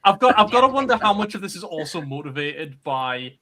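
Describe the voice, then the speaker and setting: A man's voice: a little high, big pitch swings, brisk, a crowd in the background. An English man co-hosting a casual chat, reacting to clips in a dry, hesitant way. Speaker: podcast co-host.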